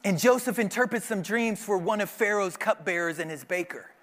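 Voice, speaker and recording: A man preaching a sermon to his church, telling a story with lively acted-out voices. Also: high voice, fairly quick. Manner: animated storytelling, acting out voices. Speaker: pastor.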